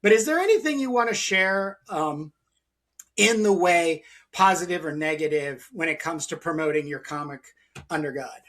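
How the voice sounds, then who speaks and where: A man's voice: a little high, moderate pace, fairly bright tone. A man hosting a casual interview, talking in a rambling, enthusiastic way with many restarts. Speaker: podcast host.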